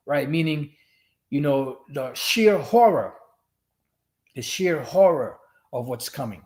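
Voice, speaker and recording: A man's voice: mid-range voice, normal speed, long pauses, a little mellow. A man ranting religious commentary on a stream, profane, rambling and emphatic.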